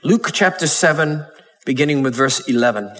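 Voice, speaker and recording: A man's voice: fairly high pitch, animated, moderate pace, a bit bright, a little hiss or hum. A man preaching a Wednesday night sermon, reading scripture and talking conversationally with laughs and mock voices. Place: church sanctuary. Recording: long hall reverb.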